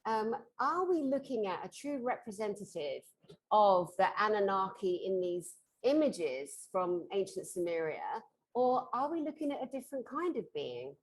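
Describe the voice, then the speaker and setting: A woman's voice: medium pitch, very animated, moderate pace, breathy edge. A woman interviewing a guest, asking long, chatty questions.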